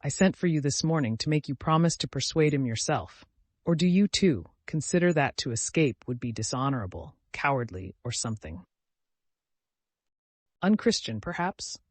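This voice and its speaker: A defiant young noblewoman near tears, as a male audiobook narrator voices her. His voice lifts higher and louder to carry her strain. The sound is dry and close. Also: animated, fairly quick, no echo, close to an everyday voice. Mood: distressed. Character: proud distressed young woman, defiant and tearful. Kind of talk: audiobook character reading.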